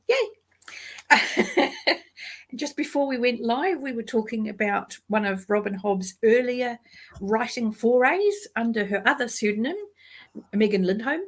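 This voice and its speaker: A woman with a New Zealand accent hosting a casual livestream, chatty and quick to laugh and exclaim. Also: on the high side, expressive. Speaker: livestream host.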